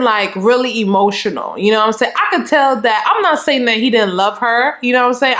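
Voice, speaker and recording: Animated young Southern woman telling a story. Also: high voice, echoey room. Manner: animated, chatty, fills talk with "you know what I'm saying". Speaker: storytime vlogger. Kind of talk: casual storytelling.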